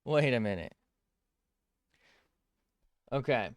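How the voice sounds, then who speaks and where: A man's voice: medium pitch, expressive, slow, no echo, studio quality. A man chatting casually as an art streamer while drawing on a tablet, rambling, cutting himself off mid-sentence and swearing freely.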